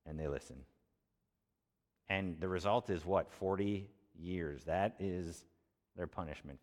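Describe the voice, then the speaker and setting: A man's voice: sits low, a little mellow. A man preaching an expository sermon, reading scripture aloud and talking in a conversational way, asking rhetorical questions and then answering them. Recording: long hall reverb.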